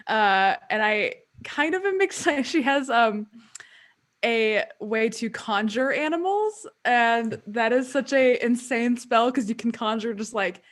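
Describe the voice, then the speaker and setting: A woman's voice: fairly high pitch, animated, a little slow. A woman chatting casually and giggling as a player describing her tabletop game character. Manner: chatty and giggly, lots of fillers.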